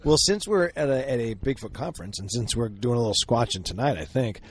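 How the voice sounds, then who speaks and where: A man's voice: mid-range voice, animated, brisk. Upbeat man co-hosting a podcast. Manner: upbeat, teasing announcer. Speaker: podcast co-host. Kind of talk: casual podcast chat.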